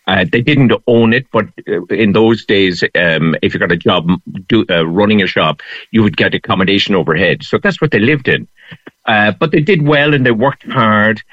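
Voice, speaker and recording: A man's voice: lowish voice, normal speed, no room sound, lo-fi sound. A man, a show guest, chatting casually and telling anecdotes with frequent laughter. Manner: anecdotal storyteller, laughs often. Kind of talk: casual radio chat.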